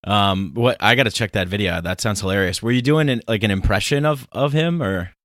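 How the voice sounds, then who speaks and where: A male host runs a casual interview in a loose, filler-heavy way. His voice sits low. The sound is dry and close. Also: brisk, fairly bright tone, no room sound. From United States. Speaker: podcast host.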